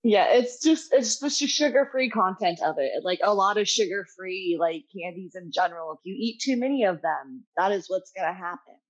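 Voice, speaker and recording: A woman's voice: medium pitch, animated, moderate pace, hardly any pauses, muffled recording. A young adult woman, a pastry chef guest, chatting casually and laughing easily while she tells family stories. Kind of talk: casual chat.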